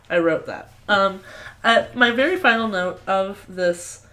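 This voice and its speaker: A woman's voice: mid-range voice, slow pace, sharp tone. A woman co-hosting a casual movie podcast, laughing often and acting out quotes in silly voices. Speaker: podcast co-host.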